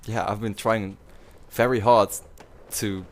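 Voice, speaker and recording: Young man, Dutch accent, lowish pitch, casual rambling, lots of "you know" fillers. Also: fairly even intonation, slow pace. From Netherlands. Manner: rambling, many fillers and restarts. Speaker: YouTuber. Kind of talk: casual commentary to viewers.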